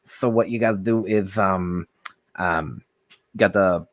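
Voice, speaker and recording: A man's voice: low voice, slow, no room sound. A man chatting casually on a livestream, giving rambling tips with many fillers and reading search results aloud. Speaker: guest giving advice.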